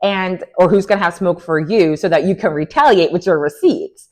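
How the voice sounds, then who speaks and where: A young woman with a sassy, animated manner, giving an opinionated recap of a reality TV show. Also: on the low side, normal speed. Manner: animated, sassy, lots of "like" and "girl". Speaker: recap vlogger.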